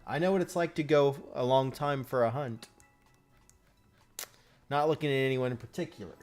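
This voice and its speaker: A man's voice: mid-range voice, moderate pace, darkish tone, soft background music. A man hosting a casual live stream, chatting with viewers and reacting as he goes.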